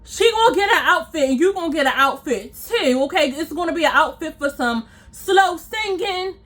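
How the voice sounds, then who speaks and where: Bright, high-voiced woman telling a story. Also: normal speed. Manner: animated, repeats phrases for emphasis, acts out quoted lines. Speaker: storytime vlogger. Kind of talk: casual storytelling to viewers.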